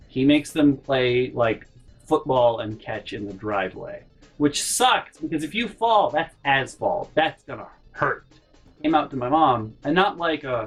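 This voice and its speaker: Sarcastic man telling a story. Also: medium pitch. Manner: animated, sarcastic, exasperated. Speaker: YouTuber. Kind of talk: casual storytime vlog. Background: faint background music.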